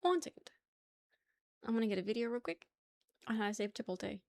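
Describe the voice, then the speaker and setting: A woman's voice: a little high, brisk, dry recording. Chatty young woman streamer, dry sound. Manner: rambling, swears casually, laughs often. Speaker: livestream host. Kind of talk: casual chat with chat viewers.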